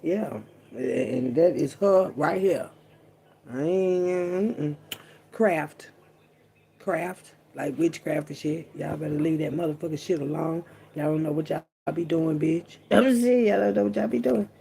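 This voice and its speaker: A woman's voice: low-pitched, unhurried, vocal fry, warm tone. A woman vlogger talking straight to her audience in a casual, profane, rambling monologue, stretching words out for emphasis and throwing in frequent asides.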